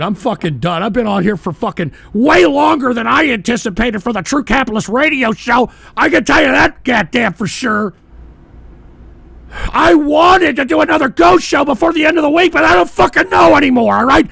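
Gravelly, high-pitched man ranting loudly. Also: lively intonation, moderate pace, no room sound. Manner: shouting, profane, exasperated. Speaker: radio show host. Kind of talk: angry on-air rant.

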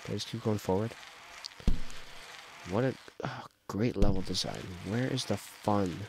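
A man's voice: on the low side, unhurried, creaky, background noise. A young man giving casual let's-play commentary, talking to himself, frustrated and joking as he plays. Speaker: gaming video host.

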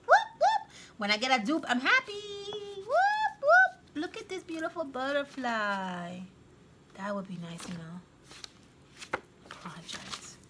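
A woman casually showing off her thrift-shop finds on camera, gushing with excitement over each one. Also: medium pitch, noisy background. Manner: gushing, excitable, frequent gasps and exclamations. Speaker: craft vlogger. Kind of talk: casual show-and-tell vlog.

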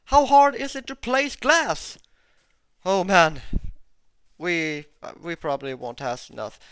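A gameplay video host commenting on their play, excitable, repeating exclamations and talking straight to viewers. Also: medium pitch, clean tone, no room sound, clean studio sound.

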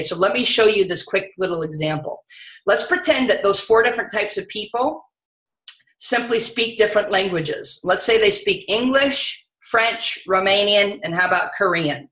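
A woman giving an energetic, conversational sales training talk, often saying "you know". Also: medium pitch, roomy sound, low-quality recording.

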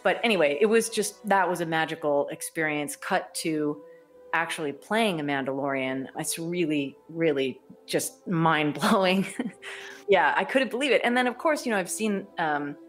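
A woman's voice: low voice, moderate pace, soft background music. A woman voice actor chatting enthusiastically as a podcast guest, laughing often. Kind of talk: casual podcast interview.

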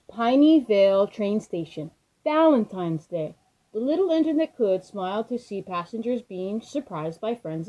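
A woman reading a children's storybook aloud in a gentle, expressive way. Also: medium pitch, highs cut off.

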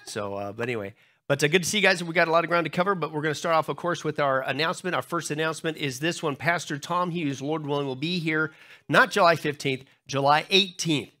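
A man's voice: on the high side, fast, bright, forceful tone. A man, a pastor, giving church announcements in a loose, joking, chatty way with many fillers. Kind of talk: church announcements before a sermon. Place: church sanctuary.

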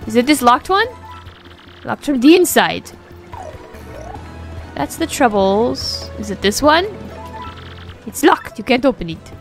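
A woman's voice: fairly high pitch, lively intonation, takes it slowly, pauses often, soft background music. A woman casually commentating a video game playthrough, playful and muttering to herself. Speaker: gaming video creator.

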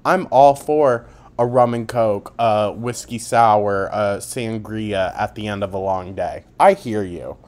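A man talking at an unhurried, drawn-out pace with a slightly low voice. He delivers a commentary vlog full of sarcasm and mocking jabs, swearing freely as he picks apart someone's posts. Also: fairly even intonation, a little mellow. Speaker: commentary YouTuber.

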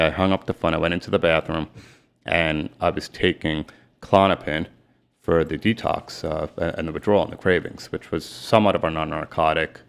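A middle-aged man, a sports agent telling his story candidly in an interview, emphatic and retelling dialogue in rapid bursts. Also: rumbling low, steady tone, gravelly. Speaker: guest, sports and celebrity agent.

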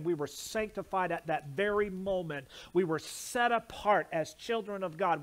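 A man preaching a sermon as pastor, with emphatic delivery and repeated lists of words. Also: high voice. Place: church sanctuary.

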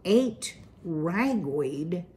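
A woman voicing an anxious but firm mother mouse who talks in a sharp, urgent way. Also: medium pitch, lively intonation, slow, pitched above the performer's own voice.

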